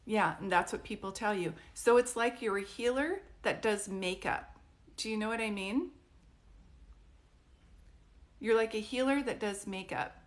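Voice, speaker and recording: A woman's voice: mid-range voice, normal speed. Woman giving a live-stream psychic reading. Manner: warm, reassuring, frequently checks in with "do you know what I mean?".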